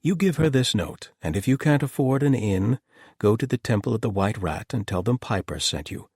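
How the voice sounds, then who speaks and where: A man's voice: fairly low pitch, lively intonation, moderate pace, a little mellow, husky, dry recording, clean studio sound, voice pushed up. A man voicing a blunt, exasperated male doctor who talks frankly and rants. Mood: kind.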